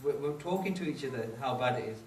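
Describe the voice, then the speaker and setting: A man's voice: medium pitch, animated, fast, darkish tone, slight background noise. A man speaking to a congregation, mixing English with phrases and acting out quoted voices. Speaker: Sikh religious speaker. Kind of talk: talk to a congregation. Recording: roomy hall, from a distance.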